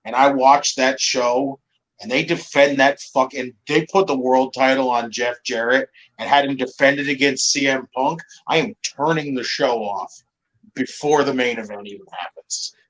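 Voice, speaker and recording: A man's voice: medium pitch, moderate pace, fairly bright tone, low-quality recording. A man ranting emphatically on a casual podcast, swearing often. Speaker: podcast guest.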